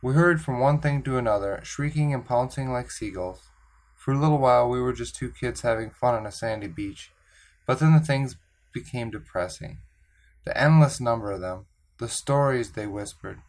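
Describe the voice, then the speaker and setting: Calm man reading a storybook aloud. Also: medium pitch, normal speed. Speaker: audiobook reader. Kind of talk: scripted narration of a children's novel.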